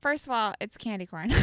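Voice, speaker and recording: Young female co-host, smooth crisp voice, a touch high, animated and opinionated. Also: no room sound, clean studio sound. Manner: opinionated, animated food debating. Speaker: podcast co-host. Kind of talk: casual chat.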